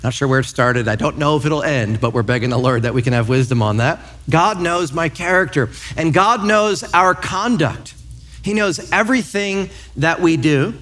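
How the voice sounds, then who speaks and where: A man in his thirties, a pastor preaching a sermon in church, telling lively stories and acting out quotes. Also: a little high, normal speed. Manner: lively storytelling with acted-out quotes.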